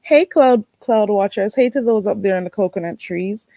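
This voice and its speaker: A woman hosting a casual livestream, greeting viewers in a playful, animated way and laughing often. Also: medium pitch, moderate pace, vocal fry, dry recording. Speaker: livestream host.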